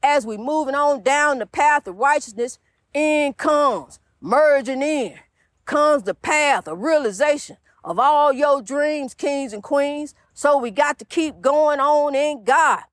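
A woman's voice: high-pitched, slow, dry recording, studio quality. A woman preaching informally in a rhythmic, repetitive style, urging listeners on and calling them honey.

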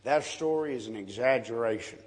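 A man's voice: mid-range voice, a little fast, a little mellow, pitched below the performer's own voice, close to an everyday voice. A man voicing a very old woman with a thick accent, blunt and affectionate, who calls people "baby". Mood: matter-of-fact. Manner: calls everyone "baby", plain and matter-of-fact. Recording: long hall reverb, faint crowd ambience.

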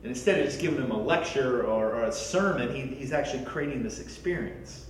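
A man preaching a sermon as a pastor, animated and often repeating words as he starts a sentence. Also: medium pitch, a little fast, very echoey, recorded from a distance, slight background noise, low-quality recording.

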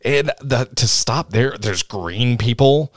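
A man's voice: medium pitch, slow, no echo, studio quality. A man co-hosting a casual film review podcast who gets worked up and rants, then apologizes. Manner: excitable, ranting then apologizing. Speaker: podcast co-host.

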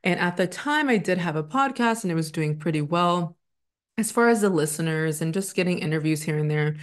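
Candid woman, low voice, rambling. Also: lively intonation, fairly quick. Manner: candid, rambling, frequent ums. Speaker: astrologer and former teacher. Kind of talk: casual personal vlog.

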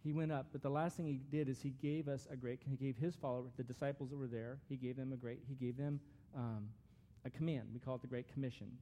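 A man's voice: medium pitch, steady tone, fast, few pauses, mellow, a little hiss or hum. A man giving a conversational, earnest sermon as a pastor, with frequent restarts.

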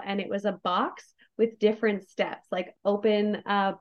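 A woman's voice: mid-range voice, fairly even intonation, moderate pace, few pauses. A woman podcast guest telling a personal story in a candid, effusive way, full of "like" fillers. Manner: effusive, emotionally open, many "like" fillers. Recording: dull lo-fi recording.

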